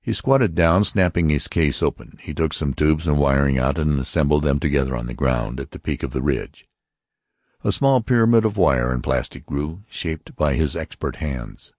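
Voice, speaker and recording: Very deep-voiced male narrator. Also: moderate pace, a little mellow, no echo, clean studio sound. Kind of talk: audiobook narration.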